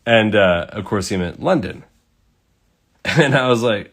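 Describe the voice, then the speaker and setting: A man's voice: mid-range voice, animated, moderate pace. A man telling a rambling, casual story while painting, swearing freely and using lots of fillers.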